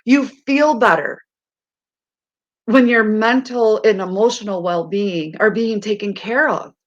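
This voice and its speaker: A middle-aged woman with a hoarse voice, chatting casually on a live stream to her viewers, rambling and laughing often. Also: medium pitch, measured pace, highs cut off.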